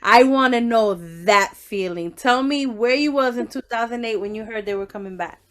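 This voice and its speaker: Woman host of a casual interview; coaxing, familiar, leading questions; voice slightly high. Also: normal speed, a bit bright. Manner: coaxing, leading questions, calls guest "girl".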